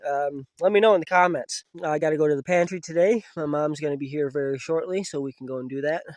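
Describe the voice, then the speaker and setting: A man with a fairly high voice talks casually to the camera from an outdoor camp in the woods. The sound is dry and close. He is emotional and speaks softly when he turns to his pets. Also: fast talker, dry recording. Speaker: vlogger. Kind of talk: casual vlog talk to camera.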